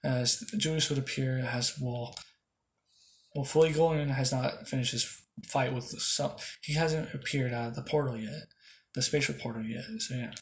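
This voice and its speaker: A young man riffs on a fan story in a loose, rambling way, with plenty of swearing and jokes at his own expense. His voice sits at a middling pitch, and there is a faint hiss of noise behind him. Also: steady tone, moderate pace. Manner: rambling, profane, self-deprecating. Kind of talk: casual improvised fan-fiction storytelling.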